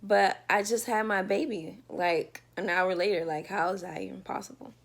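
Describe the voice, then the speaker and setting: A woman's voice: medium pitch, steady tone, normal speed, gravelly. A woman telling a personal story in a casual storytime vlog from her bedroom, talking loosely with lots of fillers. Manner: chatty, loose, with many fillers. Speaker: vlogger telling a birth story.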